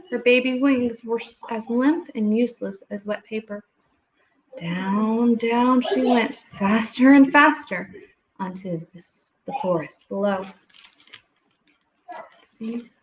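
A woman reading picture books aloud to young children at home, pausing gently to ask them questions. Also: mid-range voice, slight background noise. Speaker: storytime reader. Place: home room with children nearby. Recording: echoey room, dull lo-fi audio.

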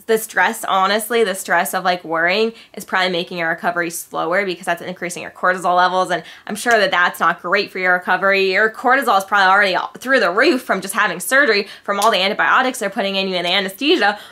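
A young woman vlogging in a bright, clear voice. She talks in a loose, chatty way and leans on filler words throughout. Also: mid-range voice, fast, hardly any pauses. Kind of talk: casual vlog chat.

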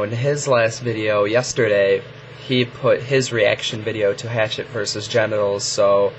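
A teenage boy vlogging casually to his webcam, rambling and halting with lots of fillers. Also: medium pitch. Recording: dull lo-fi webcam audio with faint hiss.

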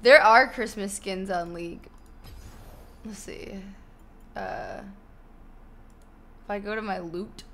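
Hiccuping young woman streaming, bright voice. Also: mid-range voice, takes it slowly, long pauses, slight background noise. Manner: chatty, swearing, thanking subscribers. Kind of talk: casual live-stream chat. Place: home bedroom.

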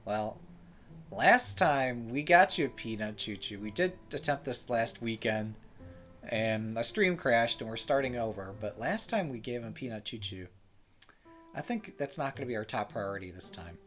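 Man, streamer, casual game commentary, joking, lively pitch. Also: normal speed, faint music behind. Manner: joking, chatty. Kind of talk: casual let's-play commentary.

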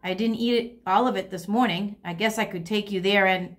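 A woman's voice: mid-range voice, steady tone, fairly quick, natural voice. A woman doing a grumpy tomcat, exasperated, insistent, storybook read-aloud. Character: grumpy young male house cat.

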